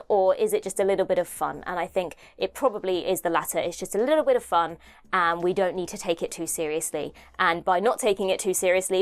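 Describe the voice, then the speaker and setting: A young woman from the United Kingdom hosting a casual video commentary, chatty and self-deprecating, thinking aloud as she talks. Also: fairly low pitch. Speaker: host.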